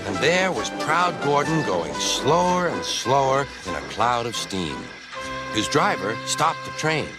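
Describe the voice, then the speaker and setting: A man reading a children's story aloud in scripted narration, expressive, doing the characters' voices himself. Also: mid-range voice, measured pace, loud music behind the voice.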